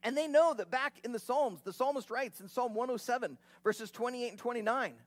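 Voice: mid-range voice, brisk, few pauses, dry recording. A preacher giving an expository sermon, retelling the scene in a vivid, conversational way with casual asides.

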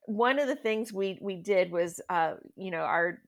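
A woman's voice: medium pitch, measured pace, gravelly. A middle-aged woman speaking as a guest in a casual interview, a chatty storyteller who often laughs. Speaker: guest parent.

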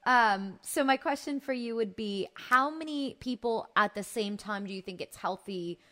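A woman's voice: a little high, lively intonation, normal speed, fairly bright tone. A woman talks through a casual chat as a co-host. She is chatty and curious, tossing in fillers and posing questions to her partner.

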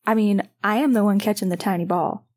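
A woman voicing a superstitious young male hockey goalie in an audiobook, low-key and teasing. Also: fairly quick, a little mellow, lightly acted.

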